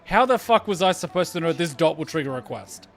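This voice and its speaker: Male gameplay reactor, slightly high voice, sarcastic, heavy swearing, faint game music behind. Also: animated, brisk. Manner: sarcastic, swears often, exasperated outbursts. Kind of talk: casual gameplay commentary.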